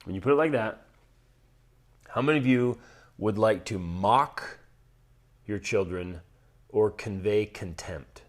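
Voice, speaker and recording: Earnest, animated man podcast host. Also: on the low side, slow pace, pauses often. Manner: animated, swinging from loud emphasis to hushed, near-whispered words; earnest and direct, with many restarts and rhetorical questions. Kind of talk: heartfelt casual talk to listeners.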